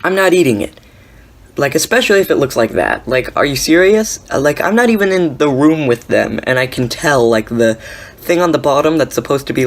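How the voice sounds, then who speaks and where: A young woman giving sarcastic, incredulous reaction commentary on prank videos, laughing often. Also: rumbling low. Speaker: commentary YouTuber.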